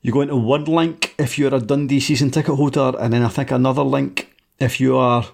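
A man's voice: medium pitch, steady tone, brisk, vocal fry, darkish tone. A man on a podcast, teasing his friends and talking at length with many restarts. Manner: teasing, wordy, restarts often. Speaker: podcast co-host. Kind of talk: casual podcast chat.

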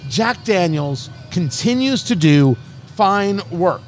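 High-pitched, quick-talking male podcast host. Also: faint music behind. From New Jersey, USA. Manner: quick, animated, jokey, talks over others. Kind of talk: casual chat.

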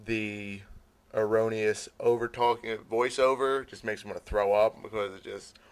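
Man, podcast guest, mid pitch, blunt and wisecracking. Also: normal speed, smooth. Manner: animated, blunt, jokey. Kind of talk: casual chat.

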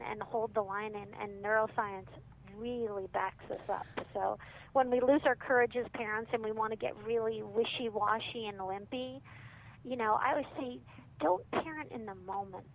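A woman, a parenting author, chatting casually in an interview and acting out what parents and kids say. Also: a little high. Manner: animated, acts out quoted parents and kids. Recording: phone-line audio with faint noise.

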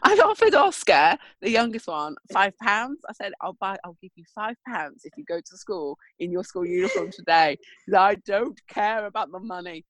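A middle-aged woman co-hosting a casual chat, telling animated stories and acting out what people said. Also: medium pitch, moderate pace, hardly any pauses, dry recording. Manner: animated storyteller, acts out quotes. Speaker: podcast co-host.

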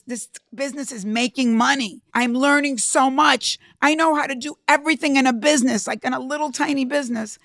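A woman's voice: on the high side, a bit bright, no echo, clean studio sound. A middle-aged woman hosting a podcast, telling her own business story in an earnest, emphatic way. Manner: earnest, emphatic, repeats herself when moved. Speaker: podcast host. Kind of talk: personal storytelling.

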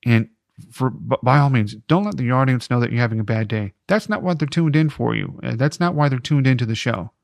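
A man's voice: mid-range voice, brisk, creaky, no echo, studio quality. A man hosting a podcast, giving chatty, encouraging advice with jokey asides. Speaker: podcast host. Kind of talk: casual podcast advice talk.

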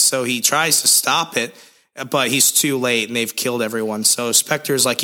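A man's voice: mid-range voice, moderate pace, sharp tone. A young man co-hosting a podcast, recapping a comic in a rambling, jokey way with lots of fillers. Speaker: podcast co-host.

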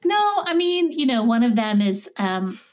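A woman's voice: fairly high pitch, big pitch swings, measured pace, muffled recording. Woman, 30s, light Southern accent, podcast co-host, casual chat, self-deprecating, laughs often.

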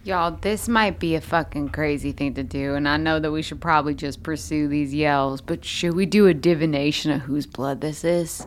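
Brief: woman player, deep for a woman, playful and profane, faint hiss behind. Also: moderate pace, few pauses. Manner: joking, profane, eager. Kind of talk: casual chat at a game table.

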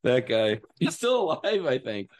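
Animated man telling stories in a studio. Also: mid-range voice, normal speed. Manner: animated storyteller who acts out voices and laughs often. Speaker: guest actor. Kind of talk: casual interview storytelling. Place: podcast studio.

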